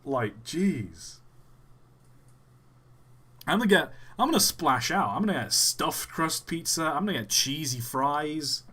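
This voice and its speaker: Young man, live streamer, chatty, jokey, animated pitch. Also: measured pace, long pauses, husky. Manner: chatty, jokey, trails off and restarts. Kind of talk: casual live-stream commentary.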